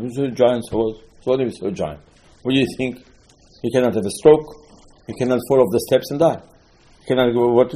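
A man's voice: mid-range voice, dark tone. A man teaching Talmud in an informal lecture, telling stories animatedly, asking rhetorical questions and often restarting his sentences.

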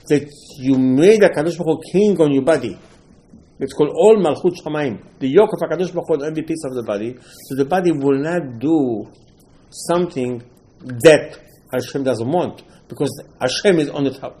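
This low-quality clip features a rabbi with a slightly high voice. Speaking broken English, he gives a fervent, animated Torah lecture and acts out each line of dialogue.

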